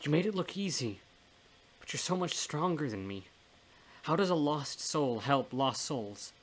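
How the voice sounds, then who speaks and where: A man voicing a brooding, weary man who has lost his sight, talking in a halting, earnest way in a storybook reading. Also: mid-range voice, fairly bright tone, close to an everyday voice. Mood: rueful. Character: brooding blinded man, weary, self-pitying.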